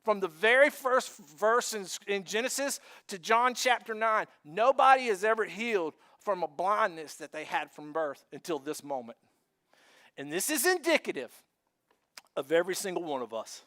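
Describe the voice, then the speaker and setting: A male pastor preaching with a very high voice for a man. He is animated and joking, and he acts out scenes as he goes. He moves easily between teaching and playful storytelling. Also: normal speed. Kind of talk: sermon.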